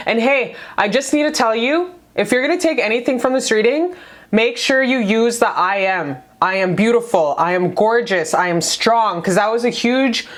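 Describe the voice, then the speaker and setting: A woman hosting a casual tarot reading for her viewers, her voice pitched right at an ordinary middle height. She gushes over her audience with affection and drops slangy, frank remarks freely. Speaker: tarot reader.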